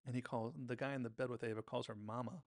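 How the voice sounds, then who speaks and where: Male podcast host, gravelly voice, chatty TV-recap delivery, dry close mic. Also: medium pitch, fairly even intonation, fast talker, no echo. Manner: chatty, retells scenes by briefly mimicking characters' lines. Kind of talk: casual episode recap commentary.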